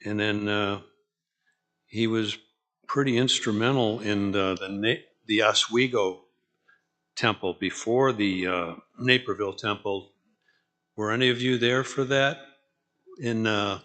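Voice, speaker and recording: A man speaking at a memorial, recalling the past in halting phrases. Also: lowish voice, fairly bright tone. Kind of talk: reminiscing talk.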